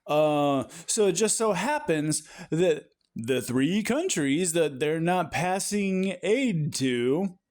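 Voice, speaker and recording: Male political ranter, slightly high voice, furious and profane. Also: big pitch swings, slow, darkish tone. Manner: profane, exasperated, ranting. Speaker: political commentator. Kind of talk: angry political rant.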